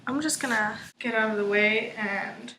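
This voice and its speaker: A woman's voice: on the high side, moderate pace, sharp tone, rough recording. A young woman chatting casually at home in a meandering, self-deprecating way, like a vlogger talking to her camera. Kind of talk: casual rambling monologue. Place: at home indoors, during a rainstorm. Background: faint rain and ambient noise.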